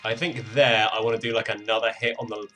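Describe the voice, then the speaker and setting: A man's voice: lowish voice, little pitch movement, fast talker. A young British man chatting casually while he produces music on a live stream, self-deprecating and swearing freely. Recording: faint music behind voice.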